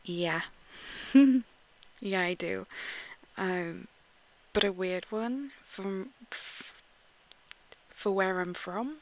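A woman from Yorkshire with a posh English accent, chatting in a casual audio post and reading out word lists, often dropping to a soft whisper and giggling between words. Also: mid-range voice, extremely slow, pauses often, low-quality recording. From Yorkshire, England. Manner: giggly, with frequent ums.

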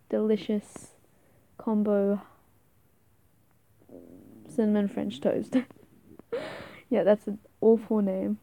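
A woman's voice: mid-range voice, vocal fry, mellow, dry recording. A young woman playing an affectionate, playful girlfriend in an audio role-play, giggling, teasing and stumbling over her words.

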